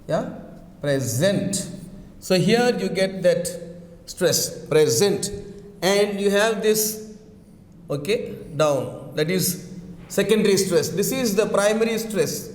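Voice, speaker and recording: A male teacher with a high voice lectures slowly and deliberately, going over each point again and tagging it with "right?" His voice rings in an echoey room with a long reverb tail. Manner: repeats key phrases, checks with "right?". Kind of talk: classroom lecture.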